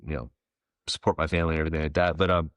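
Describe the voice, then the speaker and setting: A man in his forties, a former ballplayer, telling stories as a podcast guest in a relaxed, rambling way with plenty of fillers. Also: a bass voice, rapid-fire, dry recording, clean studio sound. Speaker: guest, former pro baseball player. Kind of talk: casual storytelling interview.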